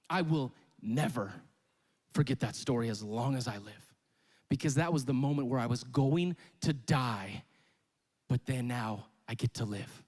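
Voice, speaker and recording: A young adult man telling a comic, animated story as part of a sermon, at times shouting. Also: mid-range voice, unhurried. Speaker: pastor. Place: church hall. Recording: long hall reverb.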